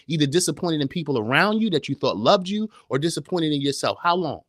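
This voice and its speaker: A man's voice: on the high side, animated, fairly quick, few pauses, no echo, studio quality. A man hosting a live-streamed podcast, talking in an emphatic, preacher-like way and firing off repeated rhetorical questions. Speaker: podcast host. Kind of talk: live-streamed motivational talk.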